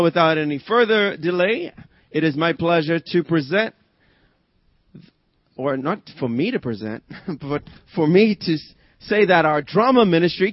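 A man's voice: a little high, no room sound, dull audio. A man introducing his church's drama ministry and welcoming the audience. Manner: singing a carol, then announcing quickly. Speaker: church announcer.

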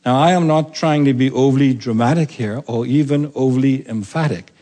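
Male pastor, mid-pitched voice, earnest sermon delivery, emphatic and deliberate. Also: warm tone. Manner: earnest, emphatic preaching, slows to read scripture aloud.

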